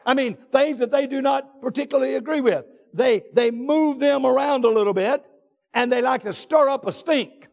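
Man, pastor, very high-pitched voice, emphatic sermon, drawn-out repeated phrases, long reverb of a big church hall. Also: creaky. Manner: emphatic preaching, rising to shouts on key points; drawn-out deliberate phrasing with repetitions. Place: church sanctuary.

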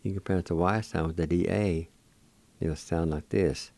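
A man's voice: sits low, steady tone, normal speed, vocal fry, mellow, no room sound. A man hosting a radio language lesson, spelling out words and repeating them syllable by syllable. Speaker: radio host teaching words.

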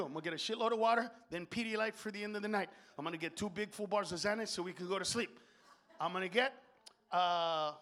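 Loud, crude stand-up comic man. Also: sits high. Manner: crude, loud, jumps into impressions. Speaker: stand-up comedian. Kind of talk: stand-up comedy. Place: comedy stage before a live audience.

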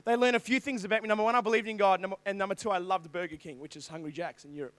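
An Australian man with a strikingly high voice preaches to a youth group, spinning a self-mocking story with plenty of jokes. He is animated and keeps calling out to the crowd for replies, and the sound is close and dry with no room echo. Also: very fast.

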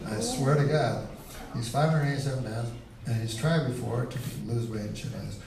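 A man's voice: mid-range voice, fairly quick. A man doing a stand-up set, telling stories in a rambling, profane way. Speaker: stand-up comedian. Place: comedy club stage. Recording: roomy, distant live club recording with crowd.

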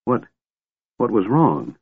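A man reading a storybook aloud, voicing a frightened young woman who tries to stay strong, in a soft, pleading way. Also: lowish voice, sing-song, slow, husky, full character voice. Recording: tinny phone-like dry sound.

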